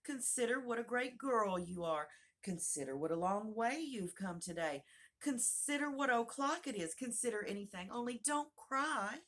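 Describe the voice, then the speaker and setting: A woman's voice: on the low side, animated, normal speed, hardly any pauses, pushed and bright. A woman doing a fussy, flustered old queen. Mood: pleading. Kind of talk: storybook reading.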